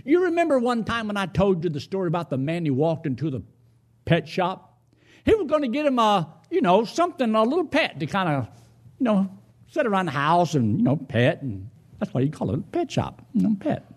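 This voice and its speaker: A man preaching a sermon in a church, moving between folksy stories and pointed questions to his congregation. His slightly high voice rises and falls widely. He often drops to a quiet, low tone for emphasis. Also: huge pitch swings, fairly quick.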